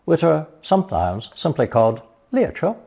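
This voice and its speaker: A man narrating a scripted language lesson, explaining characters slowly and reading example sentences. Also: a little high, huge pitch swings, creaky, mellow, husky. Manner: slow, measured explanations with example sentences read aloud. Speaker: language teacher.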